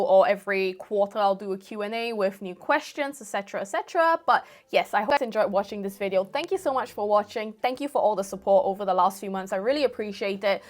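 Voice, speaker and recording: A young woman golf vlogger chatting casually to camera, rambling a little and thanking her viewers. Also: medium pitch. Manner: chatty, repetitive, thankful sign-off.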